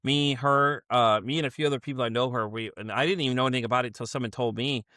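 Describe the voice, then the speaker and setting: Male podcast host, quick and animated, dry close mic. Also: medium pitch, no room sound. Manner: animated storytelling, acts out quotes, swears freely. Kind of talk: casual podcast chat.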